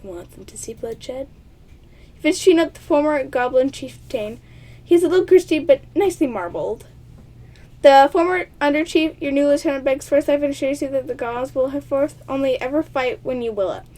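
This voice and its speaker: A woman with a warm, expressive, high voice plays through a choice-based text game, reading it aloud a little fast. She frequently stumbles and gets tongue-tied, giggling through playful asides aimed at her viewers.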